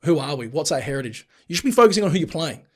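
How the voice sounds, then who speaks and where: An Australian man co-hosting a casual sports chat. His voice sits a little high for a man, and he talks in an animated, joking way, often restarting his sentences. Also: very fast. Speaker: podcast co-host.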